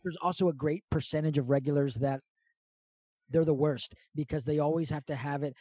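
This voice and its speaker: A man's voice: fairly high pitch, steady tone, brisk, warm tone, husky, no echo. A man co-hosting a podcast over a video call, talking in casual, profane, mock-grandiose rants. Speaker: podcast co-host. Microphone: remote over video call.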